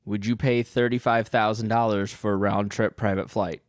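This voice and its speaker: A man's voice: on the low side, flat delivery, moderate pace, clean tone, no echo, studio quality. A man co-hosting a podcast, talking in a hesitant, rambling way with many restarts in casual chat. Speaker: podcast co-host.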